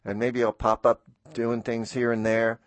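A man's voice: mid-range voice, monotone, moderate pace, dry recording. A man hosting a radio show, talking in a rambling, heartfelt farewell monologue at a studio microphone. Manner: rambling, heartfelt, self-interrupting. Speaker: radio host.

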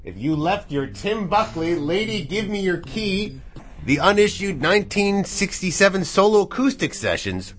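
Guy djing live on the radio, thinks out loud, super bouncy pitch, studio mic. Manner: rambling, thinks out loud, chatty. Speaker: radio DJ and host. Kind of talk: casual live radio chat. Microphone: studio microphone.

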